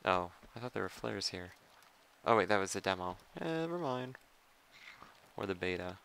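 Gravelly low-voiced man commentating a game. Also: fairly even intonation, brisk, fairly bright tone, a little hiss or hum. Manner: rambling, self-deprecating, thinks aloud. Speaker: let's play commentator. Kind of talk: casual gameplay commentary.

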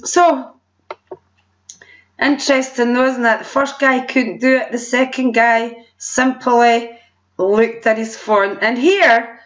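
A woman's voice: high-pitched, fairly bright tone. Chatty Scottish woman presenting to a crowd. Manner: chatty, laughing, apologetic asides. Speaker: presenter at a sales meeting. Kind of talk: presentation showing holiday photos. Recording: dull lo-fi recording.

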